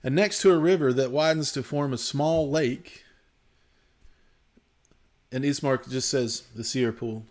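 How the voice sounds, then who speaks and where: A man narrating a tabletop game as game master, describing the scene with frequent pauses and ums. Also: on the high side, darkish tone. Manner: descriptive, hesitant with many ums.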